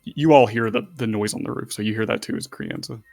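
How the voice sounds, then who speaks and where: A man's voice: lowish voice, fast, creaky, a little mellow, faint music behind. A man narrating as game master of a tabletop game, in a loose, rambling way with fillers.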